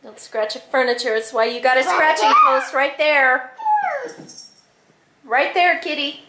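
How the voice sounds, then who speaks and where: High-voiced young woman chatting playfully. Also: unhurried, background noise. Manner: playful baby talk to her son and cat. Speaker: vlogger and mother. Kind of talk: casual home vlog. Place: home, indoors.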